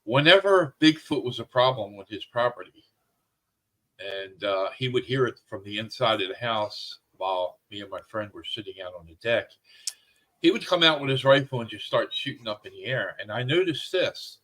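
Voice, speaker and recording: A man with a medium-pitched voice hosts a podcast and chats casually. He rambles and pauses on fillers as he recalls things. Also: animated, fairly bright tone, low-quality recording. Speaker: podcast host. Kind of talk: casual chat.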